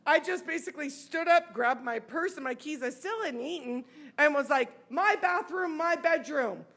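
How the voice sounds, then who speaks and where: A woman's voice: sits high, normal speed. A woman in her forties with an American accent, telling a true personal story on stage and acting out the people in it. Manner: animated, acts out the voices in her story. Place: sports bar stage.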